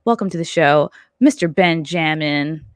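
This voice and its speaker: A woman's voice: deep voice, a little slow, no echo, clean studio sound. A woman hosting her podcast and doing stand-up, chatting casually and reading sponsor ads, a little out of breath and laughing at her own slips. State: a bit out of breath. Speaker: podcast host and stand-up comedian.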